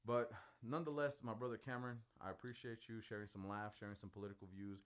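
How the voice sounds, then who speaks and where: A man's voice: lowish voice, steady tone, quick pace. A man hosting a casual podcast chat, laid-back, often laughing and calling his guest bro. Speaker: podcast host.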